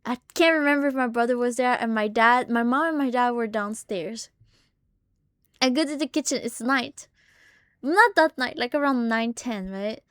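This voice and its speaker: A young woman streamer tells a story with a high, lively voice. She swears freely and her voice jumps up when she acts out the scene. The sound is close and dry, with no room echo. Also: normal speed, smooth. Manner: animated, swears a lot, shrieks in retold moments. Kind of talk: casual live-stream storytelling.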